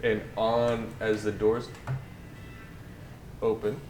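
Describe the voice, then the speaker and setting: Low-voiced male game master, rambling casual narration, echoey room with noise. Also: monotone, very slow, a little mellow, faint music behind. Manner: loose, rambling narration with fillers.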